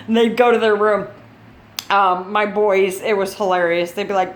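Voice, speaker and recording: A woman's voice: mid-range voice, fairly even intonation, normal speed. An older woman chatting casually in a video update, rambling and blunt and laughing at her own stories. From Chicago. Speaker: gaming channel host.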